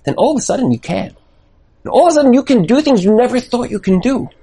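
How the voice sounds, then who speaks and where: A man delivers a Torah lesson as an energetic sermon. His voice rises and falls widely as he leans into emphatic rhetorical questions. The delivery is persuasive and sustained. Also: very high voice, quick pace, breathy edge. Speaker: rabbi teaching a Torah class.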